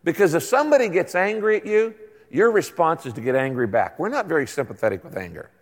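A man's voice: on the high side, very animated, quick pace. Older man preaching in a reverberant hall. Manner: conversational preaching with emphatic asides. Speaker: pastor. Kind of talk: sermon.

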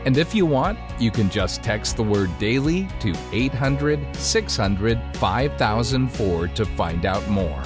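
A man's voice: on the low side, lively intonation, measured pace, few pauses. A male radio announcer reading a scripted, upbeat promotional introduction. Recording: guitar music behind.

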